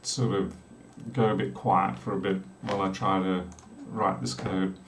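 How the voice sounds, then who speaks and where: A man's voice: sits low, steady tone, normal speed, a little hiss or hum. A middle-aged man with an Australian accent, chatting casually while live coding, rambling with joking asides. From South Australia. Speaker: programmer live-streaming. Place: small room with a door. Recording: distant mic in echoey room.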